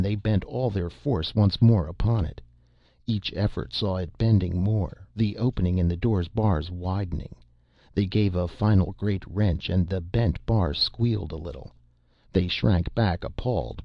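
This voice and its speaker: A man narrating an audiobook in a steady, measured storytelling manner. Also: low-pitched, creaky, no room sound. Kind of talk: audiobook narration of pulp science fiction. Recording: dull lo-fi dry recording.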